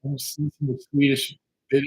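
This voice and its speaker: A man's voice: medium pitch, completely flat delivery, fairly quick. A man chatting casually on a livestream as a guest, profane, rambling and joking as he reads comments. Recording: echoey room.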